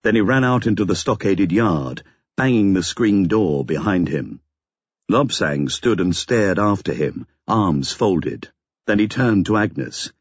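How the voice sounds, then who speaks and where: A man narrating an audiobook in a steady, expressive reading, on a slightly dull lo-fi recording. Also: low voice, a little slow, breathy edge, no echo. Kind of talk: scripted narration.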